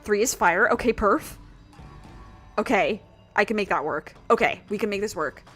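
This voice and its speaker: A woman streaming a video game, chatting casually, excitable and cursing when things go wrong. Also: medium pitch, moderate pace, breathy edge. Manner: excitable, swears when frustrated. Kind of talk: casual live-stream commentary. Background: game music.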